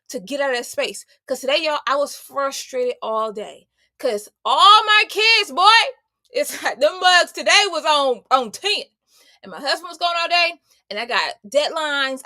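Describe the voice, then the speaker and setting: A woman's voice: high-pitched, pushed and bright, dry recording, clean studio sound. A woman host giving a faith-based motivational talk, emphatic and slangy, speaking straight to her listeners. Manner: emphatic, conversational and slangy, addressing listeners directly. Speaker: homemaker, entrepreneur and mother.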